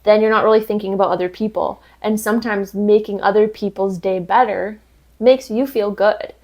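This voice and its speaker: A woman co-hosting a podcast in casual chat over drinks, talking fast with lots of fillers and frequent laughter, recorded on an indoor podcast set. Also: mid-range voice, steady tone, darkish tone. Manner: chatty and giggly, many "like" fillers. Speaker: podcast co-host.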